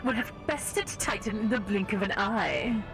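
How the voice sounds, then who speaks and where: A woman voicing a confident, scheming imperial lord in a measured, formal delivery. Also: mid-range voice, animated, creaky, music in the background. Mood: commanding.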